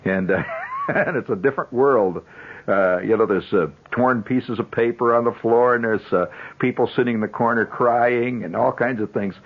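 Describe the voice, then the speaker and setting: A man's voice: mid-range voice, normal speed. A man in his fifties, a radio host telling a long, rambling story in a conversational way with chuckling asides. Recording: dull 1970s radio broadcast.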